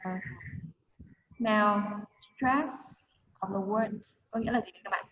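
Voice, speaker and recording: A woman's voice: mid-range voice, measured pace, a bit bright, a little hiss or hum. Woman teacher on a call, roomy and a bit muffled. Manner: switches between English and Vietnamese, quizzes students. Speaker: English teacher. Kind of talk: online class teaching. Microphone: video call. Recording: roomy, dull video call audio.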